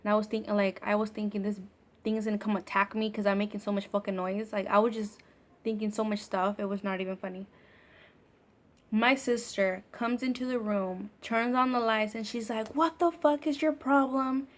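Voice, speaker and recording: A woman's voice: mid-range voice, flat delivery, a little fast. A woman telling a ghost story in a storytime vlog, casual and profane, filling her sentences with "like". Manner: casual and profane, heavy use of filler "like". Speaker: vlogger.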